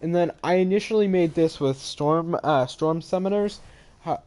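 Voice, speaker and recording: Speaking at normal speed in a somewhat high, slightly mellow voice, a young man gives a casual walkthrough of maps he made for his gaming channel. Over his headset mic he sounds sleepy, rambling along, yawning and apologizing.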